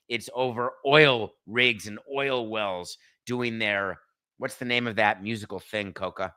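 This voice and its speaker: Bright-voiced blunt sarcastic male host. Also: medium pitch. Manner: blunt, sarcastic, talks straight to a producer. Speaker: podcast host. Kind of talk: opinionated solo sports and TV commentary.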